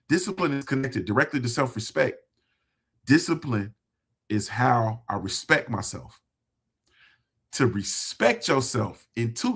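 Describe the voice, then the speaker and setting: A man's voice: medium pitch, fairly bright tone, husky. A man hosting a motivational talk for his viewers, speaking in a conversational, emphatic way, repeating phrases for emphasis. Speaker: host.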